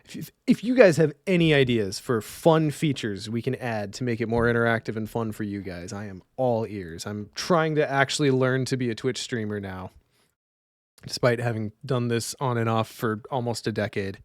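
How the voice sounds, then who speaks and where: A man's voice: medium pitch, moderate pace, no room sound. Guy on a live stream playing cards alone, mumbles rules, dry close mic. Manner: mutters rules half to himself, chats with viewers. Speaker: streamer playing a card game solo. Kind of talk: casual live-stream commentary.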